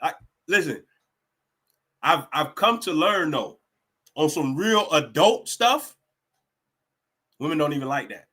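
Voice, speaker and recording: Man, co-host, casual stream chat, lively pitch, bright forceful tone, repeats lines. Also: slow pace, pauses often, breathy edge. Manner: animated, repeats phrases for emphasis. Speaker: livestream co-host.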